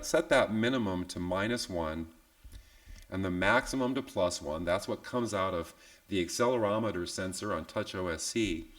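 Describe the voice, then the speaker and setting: Guy running a live online software tutorial, kinda low voice, laid back and chatty, jokes about himself. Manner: relaxed, chatty, tag questions like "yeah?"; self-deprecating asides. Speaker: software instructor.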